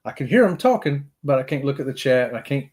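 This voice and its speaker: A man's voice: mid-range voice, sing-song, fast talker, a little mellow. A middle-aged man, hosting a casual livestream in a folksy, upbeat way while reading chat comments. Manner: folksy and upbeat, says "y'all" often. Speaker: livestream host.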